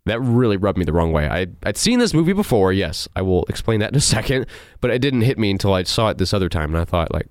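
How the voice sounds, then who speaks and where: A man hosting a movie review show, ranting in an animated, sarcastic and incredulous way. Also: on the low side, quick pace, no echo, clean studio sound. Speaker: host.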